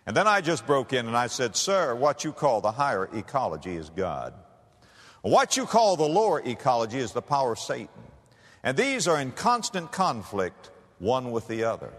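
A man preaches with theatrical swings, climbing high and loud, then dropping to a near hush. His pitch rolls animatedly as he stretches out the words he wants to land. The sound rings with the long reverb of a large hall. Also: huge pitch swings. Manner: dramatic, with big swings between soaring and hushed phrases; slow, drawn-out emphasis on key words. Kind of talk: sermon.

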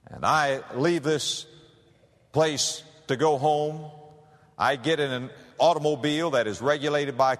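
Older guy pastor preaching, super lively sing-song delivery, echoey church hall. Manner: dramatic preacher, swooping pitch, drawn-out emphatic phrases. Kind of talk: sermon. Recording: long hall reverb.

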